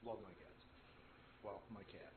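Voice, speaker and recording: A man's voice: deep voice, a little slow. A man chatting casually on a stream, dropping dry jokes. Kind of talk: casual chat. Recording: echoey tinny voice-chat line with faint noise.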